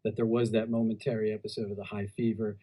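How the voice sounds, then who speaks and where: A man with a mellow, dark voice answers reporters' questions at a briefing. He pauses often and restarts his sentences while he explains medical decisions. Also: lowish voice, little pitch movement, low-quality recording. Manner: hesitant, halting, many restarts. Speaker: physician at a press briefing.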